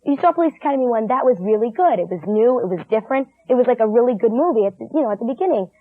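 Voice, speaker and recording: A woman with a somewhat high voice stresses and repeats her opinion about a film, laughing between words. The audio is thin and lo-fi, like a 1980s TV broadcast. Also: lively intonation, rapid-fire. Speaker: movie reviewer. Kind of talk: casual movie review chat.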